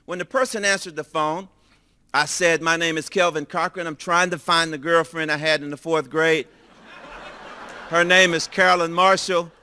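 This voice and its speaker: An older man preaching, telling a personal story in a lively way and acting out the dialogue. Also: on the high side, normal speed, smooth. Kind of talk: storytelling sermon.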